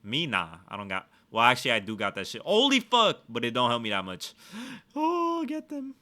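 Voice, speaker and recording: A man giving casual let's-play commentary, swearing a lot and trash-talking with excitable energy. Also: medium pitch, normal speed. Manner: profane, excitable trash talk. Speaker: gaming streamer.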